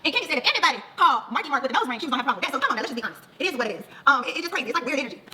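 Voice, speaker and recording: A woman's voice: high-pitched, a little hiss or hum, low-quality recording. A woman hosting her own vlog, chatting frankly and profanely about gossip to the camera. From Atlanta, United States. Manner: rapid, animated, frank and profane. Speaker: vlog host. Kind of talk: casual gossip chat to camera.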